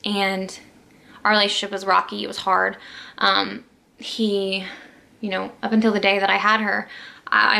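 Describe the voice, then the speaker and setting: A woman's voice: medium pitch, creaky, pushed and bright. A young woman vlogger telling a personal story to camera in a rambling, emotional way. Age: young adult. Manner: emotional, rambling with many "like"s and restarts.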